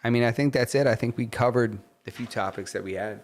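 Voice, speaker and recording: A man's voice: medium pitch, quick pace. A young man co-hosting a casual podcast who tells stories animatedly and calls everyone bro. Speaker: podcast co-host. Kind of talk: casual chat.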